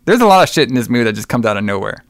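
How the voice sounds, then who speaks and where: A man's voice: medium pitch, big pitch swings, very fast, creaky, dry recording, clean studio sound. A man casually recapping a movie on a podcast, rambling, swearing often, laughing and acting out the characters. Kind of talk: casual profane chat.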